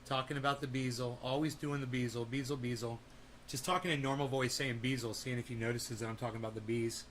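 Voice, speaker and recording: A man's voice: medium pitch, steady tone, fast, a bit bright, a little hiss or hum. A man chatting loosely on his livestream, rambling and playful, swearing often and cooing at his dog. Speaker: vlogger. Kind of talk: casual livestream chat.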